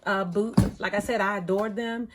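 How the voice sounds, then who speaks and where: A middle-aged woman, telling a story in a chatty, animated way, acting out the other people in it. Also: mid-range voice, moderate pace, noisy background. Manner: chatty, animated retelling with quoted voices. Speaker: thrift vlogger. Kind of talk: casual storytelling vlog.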